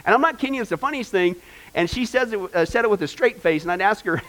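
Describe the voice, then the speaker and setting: Guy preaching a sermon, high voice, lots of uhs, animated storytelling. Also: fast. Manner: animated storytelling, many fillers. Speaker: pastor.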